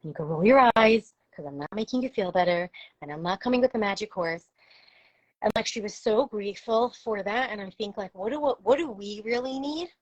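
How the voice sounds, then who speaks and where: A woman speaks in an earnest, reflective way, with plenty of "like" fillers in a casual live conversation. Her pitch sits in the middle of the usual range, and the recording is dry and close. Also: fairly quick, no room sound, highs cut off. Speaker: parenting and trauma support speaker.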